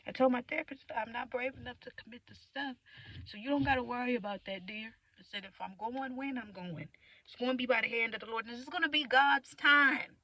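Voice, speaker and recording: A young woman venting in a candid, profane monologue, swinging from loud outbursts to low mutters. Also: brisk, no room sound. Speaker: vlogger.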